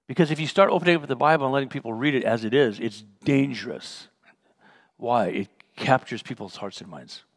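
Speaking at medium pitch and a brisk pace, this man runs a Bible study in a chatty teaching style. He shares stories from his own life, performs the remembered exchanges, and chuckles along the way.

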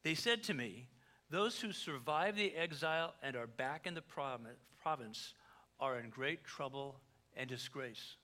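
Bright-voiced pastor preaching. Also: male voice, medium pitch, lively intonation, a little slow. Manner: conversational, joking asides, dramatic swings in volume. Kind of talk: sermon.

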